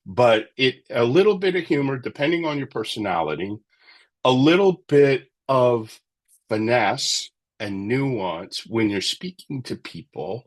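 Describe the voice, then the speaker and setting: A man sharing his thoughts in a casual book club discussion, reflective and rambling. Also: on the low side.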